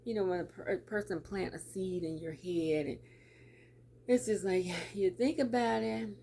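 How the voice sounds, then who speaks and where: A woman's voice: mid-range voice, moderate pace, vocal fry, warm tone, a little hiss or hum. A middle-aged woman talking casually to camera in a lunchtime vlog, chatty, repeating her words and laughing often. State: teary. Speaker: vlogger.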